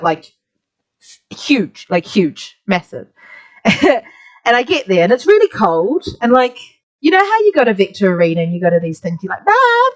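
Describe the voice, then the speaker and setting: A woman's voice: mid-range voice, a little mellow. A talkative woman with a New Zealand accent, teaching an art class as she tells a meandering story. She drifts from point to point, leaning on filler words and laughing at her own tangents. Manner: chatty, rambling, many "like" fillers. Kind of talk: casual storytelling while drawing.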